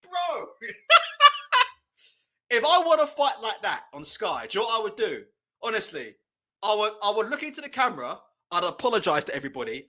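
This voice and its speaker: Animated, mocking man commentating live. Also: sits high. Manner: mocking, laughing, loose and profane. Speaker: livestream boxing watch-along host.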